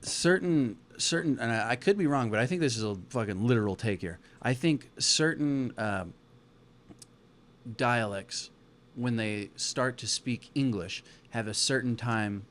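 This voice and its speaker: A man's voice: medium pitch, fairly bright tone. Teasing young man, mid voice. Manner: teasing, asks quick hypothetical questions. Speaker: podcast co-host. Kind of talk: casual comedy podcast banter.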